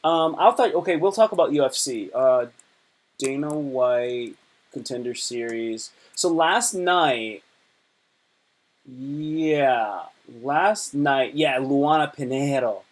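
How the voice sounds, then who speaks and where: A man chatting loosely on a livestream, full of slang and asides. His pitch sits mid-range for a man. He rambles and jokes as he reads posts off his screen. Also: animated, slow. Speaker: livestream host. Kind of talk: casual chat.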